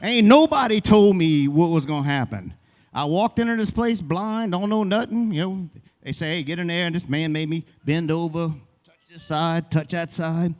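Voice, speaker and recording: Man in his fifties, rambling folksy storyteller, somewhat high voice, club reverb. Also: moderate pace. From Louisiana. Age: 50s. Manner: rambling, folksy, long-winded. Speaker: open mic comedian. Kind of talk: stand-up storytelling. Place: comedy club stage.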